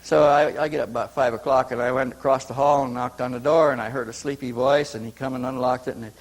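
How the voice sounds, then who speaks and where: A man's voice: mid-range voice, fairly even intonation, quick pace, poor audio. A man speaking at a conference, telling a long personal story in a rambling way, restarting sentences and repeating words as he goes. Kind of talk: anecdotal storytelling. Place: conference hall.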